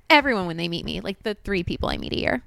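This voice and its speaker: A woman comedian on a podcast as a guest, playful and self-deprecating, with a high breathy little voice. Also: big pitch swings, fast, fairly bright tone, dry recording, clean studio sound. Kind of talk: casual podcast chat.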